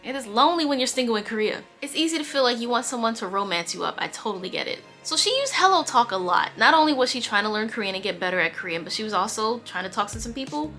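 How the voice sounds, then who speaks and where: A woman's voice: a little high, lively intonation, fast, hardly any pauses, bright, forceful tone, soft background music. A woman chatting through a dating story on her channel, emphatic with sassy asides. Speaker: YouTuber telling a dating story. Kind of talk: casual storytime narration.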